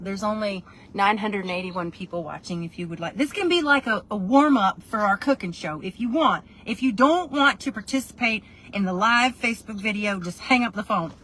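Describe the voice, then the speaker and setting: Rambling, excitable woman live-streaming from a phone. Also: medium pitch, slight background noise. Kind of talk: casual live video chat. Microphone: phone camera.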